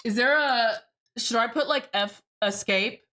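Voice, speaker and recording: Bright-voiced young woman chatting on stream. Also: fairly high pitch, unhurried. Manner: rambling, self-interrupting, swears freely, reads and answers chat. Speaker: livestreamer. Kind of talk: casual livestream chat while building a keyboard.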